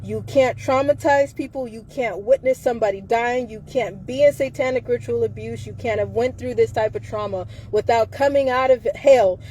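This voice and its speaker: A woman's voice: on the high side, moderate pace, few pauses, a little mellow, a little hiss or hum. A woman speaking in a live video, talking fervently and firing off repeated rhetorical questions. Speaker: livestreamer. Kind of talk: impassioned live video monologue.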